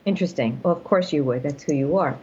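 A woman's voice: deep voice, fast, a little mellow, husky, lo-fi sound. An older woman telling her story as an interview guest, earnest and emphatic, speaking from home over a call. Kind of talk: casual interview talk. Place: home room.

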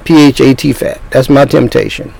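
A man's voice: medium pitch, level tone, moderate pace, gravelly, darkish tone, poor audio. An older man in his sixties preaching a sermon as a pastor, talking in bursts with repeated words and restarts.

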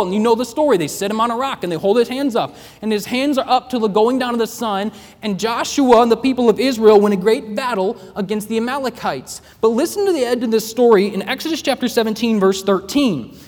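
A man preaching a sermon to college students, with emphatic delivery and dramatic pauses. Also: very high-pitched, a little mellow. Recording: long hall reverb.

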